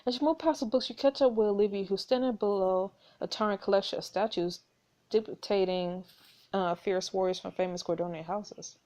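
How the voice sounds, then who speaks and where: A woman's voice: mid-range voice, a little fast, warm tone. A woman reading a story game aloud in a playful, chatty way. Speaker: gaming video creator.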